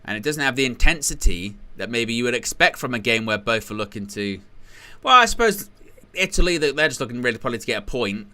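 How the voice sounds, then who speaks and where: A man calls a football match live for a watchalong. His voice is bright and forceful, with a smooth, crisp tone. He talks casually and rambles into jokey asides between the action. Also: mid-range voice, very animated, fast, few pauses.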